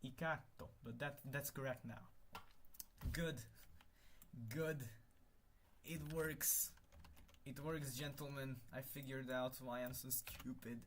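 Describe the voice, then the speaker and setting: A young man live-streaming while he works at his computer, thinking out loud, muttering to himself and swearing when things break. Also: mid-range voice, fairly even intonation, slow pace, slight background noise. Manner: thinks aloud, mutters, swears, exasperated then laughing. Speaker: conlang streamer.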